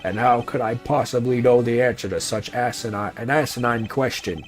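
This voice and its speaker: A man's voice: mid-range voice, fairly even intonation, normal speed, close to an everyday voice. A man voicing a haughty middle-aged businessman and father in a mystery game, pompous and defensive. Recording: faint music behind.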